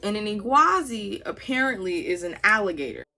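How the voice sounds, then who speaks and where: A young woman tells a wild story straight to camera, slipping into the voices of everyone in it. Her voice is bright and swings widely in pitch. Faint music plays behind her. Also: moderate pace. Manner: animated storytelling, acting out voices. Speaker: vlogger. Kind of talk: storytime vlog.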